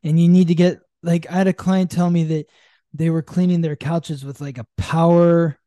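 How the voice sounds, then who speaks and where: A man co-hosting an astrology podcast, talking loosely with many fillers and restarts, and acting out quoted speech with sudden jumps in pitch. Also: level tone, normal speed, dark tone, dry recording, studio quality. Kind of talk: casual conversational explanation.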